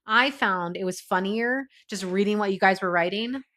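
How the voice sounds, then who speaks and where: A woman's voice: mid-range voice, normal speed, fairly bright tone. Chatty woman hosting a livestream. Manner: chatty, reads out viewer names and comments, laughs often. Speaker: livestream host. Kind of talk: casual livestream chat with viewers.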